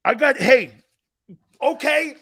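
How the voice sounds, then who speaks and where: A middle-aged man hosting a live sports talk show, joking loudly, reading out comments and jumping between topics. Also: very high-pitched, lively intonation, takes it slowly. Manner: loud, joking, jumps between topics, often raises his voice.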